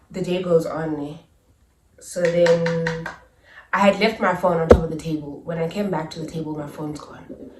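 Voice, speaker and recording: A woman's voice: lowish voice, far from the mic, a little hiss or hum. Chatty South African woman, echoey room. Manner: chatty, animated retelling with asides and laughs. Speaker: YouTuber. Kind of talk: casual storytime vlog. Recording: echoey room, a little off-mic.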